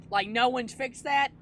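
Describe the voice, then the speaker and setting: A man's voice: extremely high pitch, fairly bright tone, slight background noise. A man playing a horror game and commenting nervously, swearing and laughing as he goes. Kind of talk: let's play commentary, reading game text aloud.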